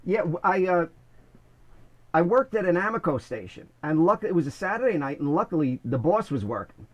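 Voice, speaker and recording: A middle-aged man from the Bronx, a former corrections officer telling stories in an animated, casual way. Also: a little high, brisk, highs cut off. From Bronx, New York. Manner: animated, many restarts, "I says". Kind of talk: casual storytelling.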